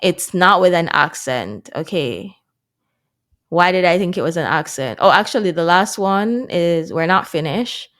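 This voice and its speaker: A woman's voice: on the low side, animated, unhurried, fairly bright tone. A woman vlogging casually to her viewers as she works through a language course, chatty and laughing at her own mistakes. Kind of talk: casual vlog chat to viewers.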